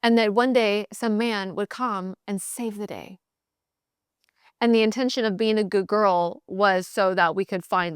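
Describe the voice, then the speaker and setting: A woman hosting a podcast, giving blunt, animated sales coaching in a casual motivational talk. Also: mid-range voice, clean tone, no echo, studio quality. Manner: blunt, animated, mimics voices in quotes.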